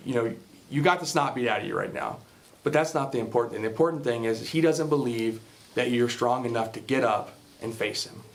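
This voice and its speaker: A man voicing a male priest who quietly urges a beaten man to get up. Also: medium pitch, fairly quick, a little hiss or hum, close to an everyday voice. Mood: urging.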